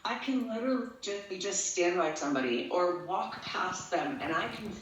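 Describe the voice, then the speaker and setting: A female interview guest, an empath and tattoo artist, talks earnestly and at length in casual, rambling conversation, sometimes getting emotional. Her voice is on the low side with lively intonation and a moderate pace. The recording sounds echoey, distant and dull.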